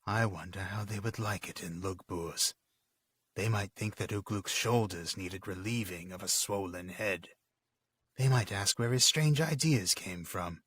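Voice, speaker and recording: A man's voice: sits low, measured pace, a bit bright, slightly rough, dry recording, clean studio sound, exaggerated voice. A man voicing a sly, scheming male orc messenger in a dramatic reading, sneering and insinuating.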